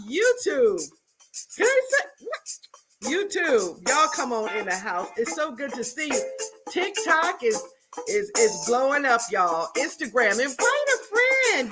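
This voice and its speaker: A middle-aged woman from the US, hosting an upbeat live stream and hyping up her viewers with lots of repetition. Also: sits high. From Southern US. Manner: exuberant, hype-building, talks to viewers directly, repeats herself. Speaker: livestream host and product founder.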